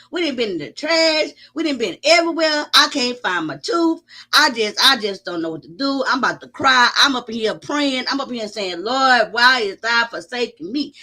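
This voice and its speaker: Loud, profane woman telling a story. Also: high voice. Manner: loud, profane, animated storytelling with sudden shouts. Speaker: vlogger. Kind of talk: casual storytelling to viewers.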